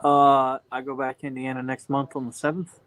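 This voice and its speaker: A man's voice: medium pitch, monotone, fairly quick, a bit bright, rough recording. A man co-hosting a casual cooking podcast, telling a long story with lots of fillers and restarts. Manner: rambling storyteller with many fillers. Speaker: podcast co-host. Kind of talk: casual chat.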